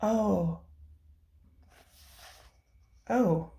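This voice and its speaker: A woman hosting a coloring channel, chatting casually and gushing over books with soft exclamations and giggles. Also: medium pitch, unhurried. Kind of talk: casual vlog, flipping through coloring books.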